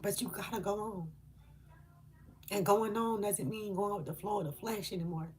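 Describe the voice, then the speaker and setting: A woman's voice: mid-range voice, normal speed. Woman with aave channeling spirit messages, earnest and emotional, lots of ums, slight hiss behind. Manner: earnest and emotional, with hesitant fillers.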